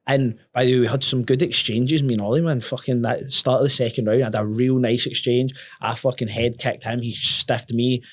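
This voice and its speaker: A young man, a podcast guest telling a story in casual talk, sweary and animated, often restarting his words. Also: medium pitch, brisk, few pauses.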